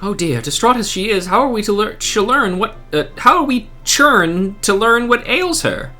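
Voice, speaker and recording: A man's voice: sits high, sing-song, moderate pace, sharp tone, faint music behind, pitched above the performer's own voice, exaggerated voice. A man voicing an earnest young male scholar from a game who talks in formal, old-fashioned phrasing.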